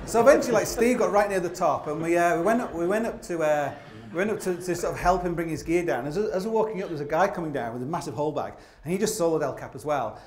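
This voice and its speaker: A man tells rambling, self-mocking stories from a theatre stage, his voice sitting a little high for a man. His talk is thick with "like" and restarts. The stage mic picks him up in a roomy hall with plenty of echo. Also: expressive, quick pace, a little mellow, a faint crowd. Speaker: climber giving a live stage talk. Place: opera house stage. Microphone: stage microphone.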